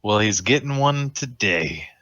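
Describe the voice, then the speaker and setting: A man playing a tabletop game in a relaxed, polite manner. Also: fairly low pitch, unhurried, no echo, dull audio. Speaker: player.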